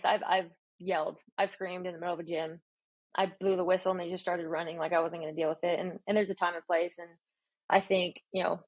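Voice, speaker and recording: Woman coach, podcast guest, lowish voice, dry close mic, animated storyteller. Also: no echo. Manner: animated, acts out her own quoted dialogue. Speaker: strength and conditioning coach, guest.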